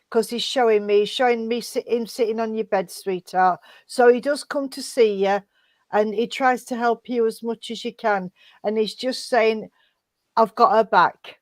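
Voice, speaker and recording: Woman, spiritualist medium, tender, says sweetheart and darling, fairly high voice, dry close sound. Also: darkish tone, dry recording. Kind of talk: relaying spirit messages in an online service.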